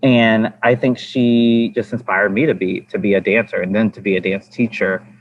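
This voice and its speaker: A man's voice: lowish voice, fairly even intonation, moderate pace, a little hiss or hum. A man and dance teacher on a podcast chatting casually, rambling with lots of fillers and restarts. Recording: slightly dull lo-fi with faint ambience.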